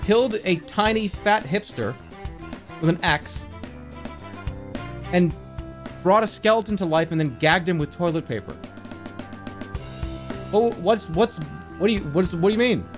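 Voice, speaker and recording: A man streaming games live, chatting excitedly, swearing and yelping in bursts. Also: sits high, measured pace, pauses often, music in the background. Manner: excitable, yelps and swears, breaks into laughter. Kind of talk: casual live-stream chatter while gaming.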